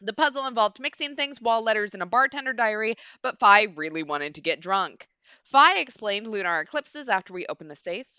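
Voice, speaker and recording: A woman's voice: mid-range voice, expressive, brisk, bright, forceful tone, smooth, dry recording. A young woman streaming a video game, chatting casually and swearing freely. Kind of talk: casual let's-play commentary. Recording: dull lo-fi stream mic.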